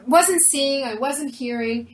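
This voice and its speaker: This interview guest has a high voice and a slow pace. She tells a personal story with earnest animation, voicing the quoted dialogue as she goes, and the audio is of low quality.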